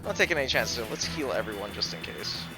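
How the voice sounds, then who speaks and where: A man's voice: medium pitch, sing-song, fast, over music. A man giving chatty live commentary as he streams a video game from home, thinking aloud and laughing easily.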